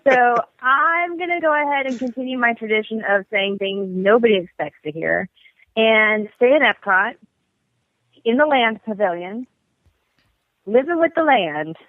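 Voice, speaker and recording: A woman's voice: a little high, lively intonation, a little slow, no echo. A woman guest on a podcast, chatting with playful enthusiasm. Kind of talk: casual podcast chat. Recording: dry, tinny phone-like line.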